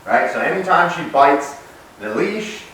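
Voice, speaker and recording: With a fairly high voice and a measured pace, a young adult dog trainer gives a casual instructional demo, explaining puppy training while working with the dog. He stays relaxed but snaps out bright, sharp commands to the puppy. The mic sits at a distance in a very echoey room.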